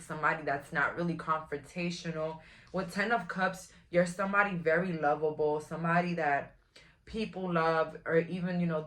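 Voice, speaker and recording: A woman's voice: on the low side, a bit bright. A woman, giving a casual, frank tarot reading to camera in a chatty, blunt way. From Brooklyn, New York. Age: 20s. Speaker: tarot reader.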